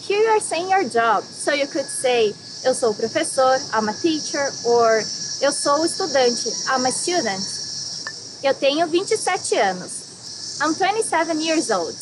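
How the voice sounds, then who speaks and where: A woman from Brazil teaching a language lesson, saying example words slowly and carefully and then explaining them. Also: high voice, sing-song, background noise.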